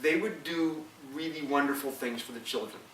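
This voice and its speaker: A man's voice: on the high side, moderate pace, a bit bright, slight background noise. A man telling a traditional legend aloud, repeating phrases and stopping to explain old customs. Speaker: storyteller. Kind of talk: oral storytelling of a legend. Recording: roomy, from a distance.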